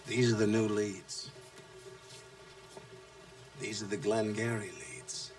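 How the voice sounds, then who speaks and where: An actor playing a brash, abusive male sales trainer who taunts his listeners, shouting one moment and dropping to low menace the next. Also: fairly even intonation, takes it slowly, a little hiss or hum. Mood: contemptuous. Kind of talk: film acting.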